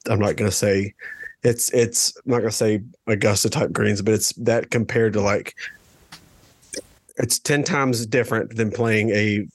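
A man's voice: lowish voice, fairly even intonation, a little slow, no room sound. A man co-hosting a podcast, telling stories in a rambling, casual way and laughing often. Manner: rambling storyteller, laughs a lot. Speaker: podcast co-host. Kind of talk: casual chat.

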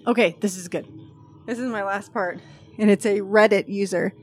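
A woman's voice: mid-range voice, moderate pace, faint music behind. Chatty woman podcast host. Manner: chatty, swears freely, animated asides. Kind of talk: casual chat, reading a post aloud.

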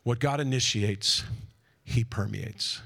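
A man preaching to a live conference audience, energetic and direct, with a voice in the middle of the male range. He breaks in with jokey asides and keeps checking whether the crowd is following him. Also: medium pitch, slow, gravelly. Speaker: conference speaker.

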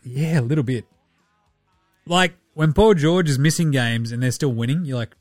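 A man with an Australian accent, co-hosting a podcast in relaxed, rambling sports chat with casual swearing. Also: medium pitch, moderate pace, dry recording, clean studio sound, faint music behind. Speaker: podcast co-host.

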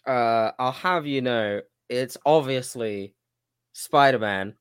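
A man's voice: mid-range voice, slow, clean tone, no room sound, clean studio sound. A man co-hosting a casual wrestling chat livestream, rambling with many restarts. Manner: rambling, restarts, animated impressions. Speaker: podcast co-host.

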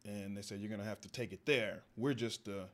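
A man from the American South telling a long comedic story, jumping into high-pitched voices for the people in it. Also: a little fast. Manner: animated, acts out other voices in high pitch. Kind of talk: storytelling stand-up.

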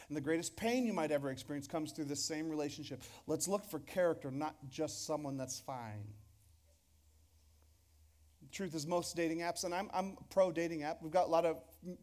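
A pastor with a high-pitched man's voice delivers a sermon in front of his congregation. He talks in a loose, conversational way, jokes with the crowd and often restarts his sentences. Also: darkish tone. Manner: conversational and joking, with repeated restarts. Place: church hall before a congregation.

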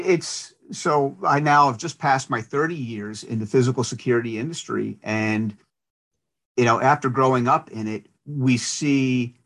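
A man's voice: medium pitch, a bit bright. A man in his fifties, a guest in a casual interview, speaking conversationally. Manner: conversational, with fillers. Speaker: guest, security industry professional.

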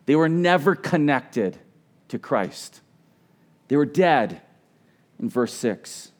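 A man's voice: medium pitch, lively intonation, slow. A middle-aged man preaching a sermon as pastor, earnest and conversational, often restarting his words.

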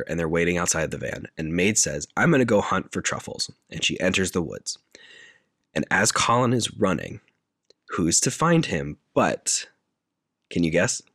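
Low deep guy on a podcast, halting and loose, dry close sound. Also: fairly bright tone, dry recording. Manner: halting, loose, with many fillers. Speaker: podcast co-host. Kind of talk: casual chat, retelling a movie plot.

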